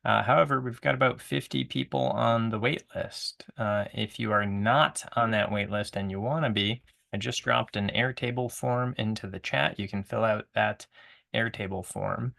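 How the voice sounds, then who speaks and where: A man's voice: on the low side, normal speed, vocal fry, a bit bright. A man from the product team casually answering a viewer question on a livestream, easygoing with frequent fillers.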